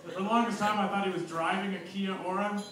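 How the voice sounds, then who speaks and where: A man's voice: sits high, fairly even intonation, fast, very noisy. Rambling stand-up man in a roomy club. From abroad, living in New Zealand a year. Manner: rambling, self-mocking, loose with fillers. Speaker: stand-up comedian. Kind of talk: stand-up comedy set. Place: comedy bar stage. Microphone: handheld stage mic. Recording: roomy club sound from far off.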